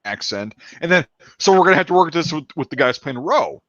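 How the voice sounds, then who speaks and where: A man's voice: fairly high pitch, lively intonation, fairly quick, a bit bright, lo-fi sound. A man talking casually about his film production, rambling with many fillers and restarts. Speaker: filmmaker discussing his production. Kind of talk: casual podcast chat.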